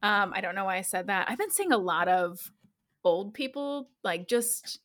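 A woman's voice: mid-range voice, animated, normal speed, fairly bright tone. Giggly woman podcast co-host. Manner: giggly, rambling. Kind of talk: casual chat.

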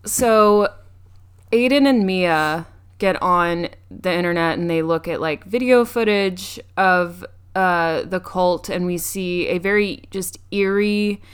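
Smooth-voiced young woman recapping a movie. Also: lowish voice, takes it slowly. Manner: recounts plot with frequent ums and restarts. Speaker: podcast co-host. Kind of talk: casual movie recap chat.

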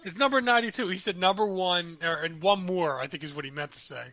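A man's voice: high-pitched, fast talker, pushed and bright, dry recording. A man co-hosting a podcast in casual banter, teasing his friends with a wry manner. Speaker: podcast co-host.

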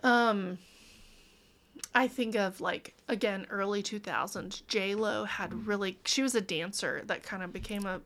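A woman's voice: mid-range voice, unhurried, a bit bright. A woman in her thirties, a podcast guest in casual chat, bubbly, laughing often and acting out her own stories.

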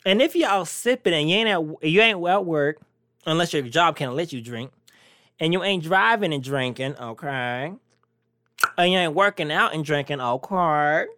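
A podcast host with a brash, teasing manner chats casually to the audience in a solo talk, speaking at a moderate pace. The pitch leaps and swoops animatedly all over the place. The recording is dry and close, with no room sound around it.

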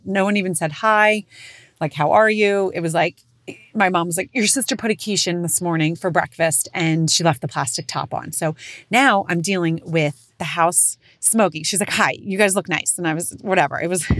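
A woman in her thirties telling a family story in casual chat, animated and swearing freely, jumping into high voices for quotes. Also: dry recording, studio quality. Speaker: podcast host.

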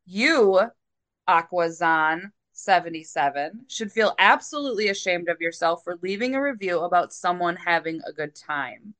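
A woman's voice: lowish voice, animated, normal speed, fairly bright tone. A woman co-hosting a podcast in casual chat, giggling and breaking into laughter often. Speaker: podcast co-host.

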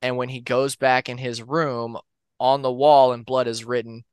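A man co-hosting a podcast, telling urban legends in a relaxed, rambling way with fillers and restarts. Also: medium pitch, normal speed, clear, resonant tone, dry recording. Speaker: podcast co-host. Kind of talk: casual storytelling of urban legends.

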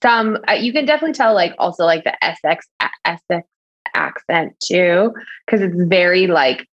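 A woman co-hosts a casual podcast, rambling through her stories with plenty of "like" and frequent laughter. Her pitch swings lively up and down. The recording sounds a little dull and lo-fi. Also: normal speed. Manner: rambling, full of "like", laughs often. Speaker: podcast co-host.

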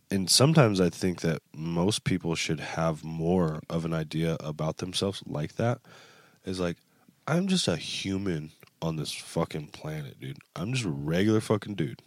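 Man, podcast co-host, very low voice, relaxed and profane, dry close sound. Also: no room sound. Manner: laid-back, swears freely, lots of agreeing fillers. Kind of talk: casual chat.

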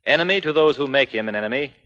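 Dramatic old-time radio announcer. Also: male voice, mid-range voice, animated, racing, pushed and bright, a little hiss or hum. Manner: dramatic, declaiming. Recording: muffled old radio recording over music.

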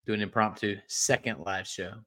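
A man's voice: lowish voice, steady tone, moderate pace, pushed and bright. A man from the Midwest co-hosting a casual sports podcast, with dry jokes. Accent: Midwestern American. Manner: dry, joking. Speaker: podcast co-host.

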